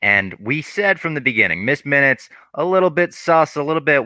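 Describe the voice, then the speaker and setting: A man's voice: on the high side, fairly quick, hardly any pauses, dry recording. Podcast host guy recapping the ep, dry close mic. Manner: recapping, animated quoting. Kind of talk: casual chat and episode recap.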